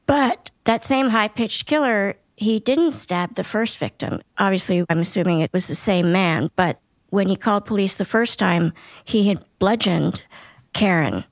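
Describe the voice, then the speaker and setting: A woman co-hosts a podcast and asks her questions in an inquisitive, animated way. Her mid-pitched voice is recorded close and dry. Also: unhurried, no echo. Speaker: podcast co-host. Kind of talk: conversational podcast talk.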